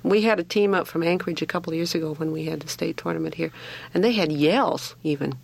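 A man who umpires softball, talking in a firm, plainspoken way in a casual radio discussion. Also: on the high side, fast talker, gravelly.

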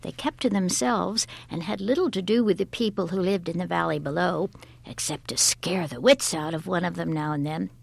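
A woman reading a folk tale aloud as a storyteller, expressive and often dropping to a breathy whisper. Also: on the low side, normal speed, no echo.

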